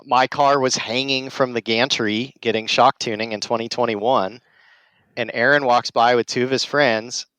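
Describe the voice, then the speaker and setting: Guy guesting on a podcast, laid back and reflective, middle pitch, dry close sound. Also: a bit bright, no room sound. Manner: easygoing, reflective storytelling. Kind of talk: casual chat.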